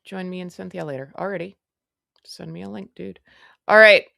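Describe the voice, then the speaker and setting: A woman hosts a casual celebrity gossip livestream and keeps up a chatty, sarcastic back-and-forth with her viewers. Her voice sits a little low yet comes across bright and forceful. The sound is dry and close, as if she speaks straight into her computer mic. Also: fairly even intonation, moderate pace, vocal fry, no echo. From Canada. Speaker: livestream host.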